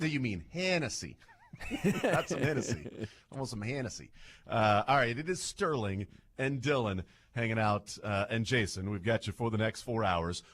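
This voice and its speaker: A man's voice: medium pitch, fairly bright tone. Chatty male sports radio host. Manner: chatty and playful, jokes with co-hosts. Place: radio studio.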